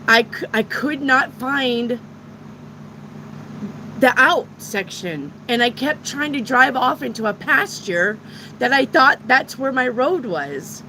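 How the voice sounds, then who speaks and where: A woman's voice: a little high, animated, slow, bright, forceful tone, slight background noise, rough recording. A middle-aged woman who reads tarot, telling a personal story in a casual, rambling way and swearing freely. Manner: frank and profane, rambling retelling. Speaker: tarot reader.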